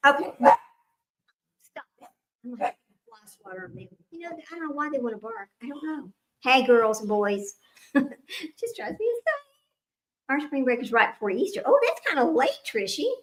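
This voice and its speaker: A woman's voice: high voice, sing-song, fairly quick, poor audio. A middle-aged woman hosting a casual trivia livestream, rambling and chatty, laughing often and talking straight to her viewers.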